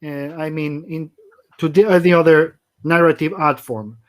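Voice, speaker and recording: A man's voice: on the high side, fairly even intonation, normal speed. A man with Spanish as his first language hosting an interview, talking loosely, laughing and swearing casually. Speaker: interviewer host.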